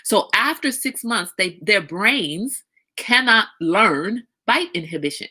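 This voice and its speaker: The middle-aged livestream host talks slowly in a slightly rough voice, staying animated and outspoken throughout the casual chat, with the odd lilt into a high sing-song register.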